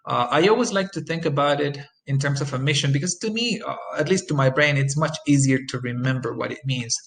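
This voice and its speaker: A man teaching English phonetics in a recorded lesson, explaining sound changes and repeating example phrases slowly, with frequent ums and uhs. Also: medium pitch, creaky, fairly bright tone, rough recording. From Costa Rica.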